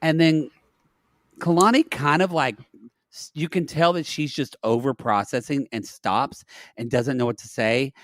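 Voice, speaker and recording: A man's voice: medium pitch, a little slow, no room sound, studio quality. A man co-hosting a podcast, animatedly recapping a reality show and quoting the scenes. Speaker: podcast co-host. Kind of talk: casual recap chat.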